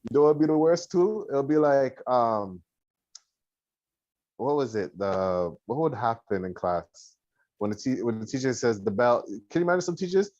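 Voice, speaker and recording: A man's voice: mid-range voice, lively intonation, moderate pace, a little mellow, dry recording, lo-fi sound. A man co-hosting a podcast in casual chat, telling stories animatedly and acting out quoted voices. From Canada. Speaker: podcast co-host.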